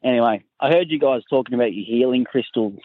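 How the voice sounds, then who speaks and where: A man with an Australian accent rambles through a crude story in a laid-back, swearing drawl. His voice message sounds dull and lo-fi, with a muffled top end. He speaks at a middling pitch. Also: quick pace, a little hiss or hum. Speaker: caller sending in a voice message. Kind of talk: rambling anecdote.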